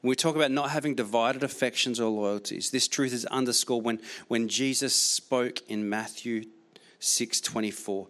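A man's voice: medium pitch, normal speed, a bit bright. A man preaching a sermon as pastor, repeating key phrases emphatically, with frequent restarts.

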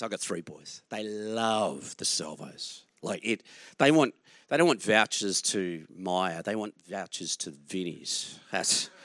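Recorded in a clean studio with no echo, a man in his forties with an Australian accent preaches as a guest speaker. His voice is lowish and a bit bright. He delivers the sermon conversationally, telling personal anecdotes and chuckling as he goes.

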